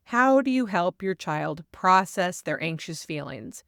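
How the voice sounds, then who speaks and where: A woman hosting a parenting podcast, explaining advice in a calm, steady way and sometimes livening up to model what a parent might say. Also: on the low side, measured pace, no echo, clean studio sound. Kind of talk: advice monologue.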